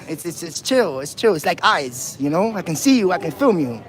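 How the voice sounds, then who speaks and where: A fairly high-voiced man, a first amendment auditor, streams live from a city street on a handheld phone, needling people in loose slang. The audio feels outdoors and open. He speaks in a sing-song way, fairly quickly and with hardly any pauses.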